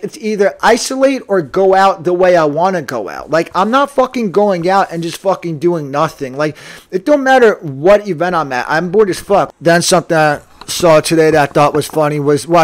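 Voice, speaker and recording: A young man with a New Jersey accent, rambling through a casual solo podcast monologue full of fillers and swearing. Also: fairly high pitch. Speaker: podcast host.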